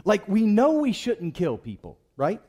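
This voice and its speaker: A male pastor delivers a sermon in church, urging the congregation to answer back. His voice sits high and swings widely in pitch. He preaches with lively, rising and falling emphasis. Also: measured pace, slightly rough, big-room sound. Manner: preaching with call-and-response to the congregation.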